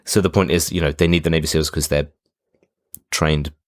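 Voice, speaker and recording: Casting: low-voiced male podcast co-host, laid-back and halting, dry close recording. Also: level tone, no echo. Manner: laid-back, hesitant, lots of fillers. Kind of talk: casual film review chat.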